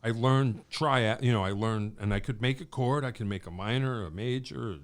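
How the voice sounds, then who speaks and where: A man's voice: medium pitch, normal speed. A man hosting a podcast, chatting casually and telling stories with dry, self-mocking jokes. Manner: dry, joking self-deprecation. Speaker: podcast host.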